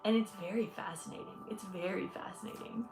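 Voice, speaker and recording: A woman's voice: medium pitch, fairly even intonation, fairly quick, echoey room, music in the background. A woman in her twenties from Michigan hosting a casual livestream chat as an energy healer. She talks chattily and effusively, laughing often and thanking viewers. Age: 20s.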